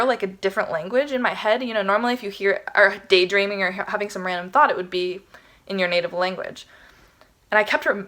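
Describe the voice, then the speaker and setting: A young woman vlogging, telling a personal story in a casual, animated way, often saying "like," laughing, and sometimes dropping to a hushed whisper. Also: mid-range voice. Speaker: spiritual vlogger.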